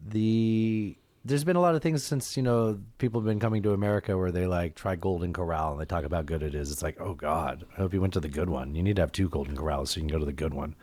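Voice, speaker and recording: A man's voice: low-pitched, fast talker, few pauses, darkish tone, dry recording. A man co-hosting a podcast in casual chat, rambling and joking and laughing often. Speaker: podcast co-host.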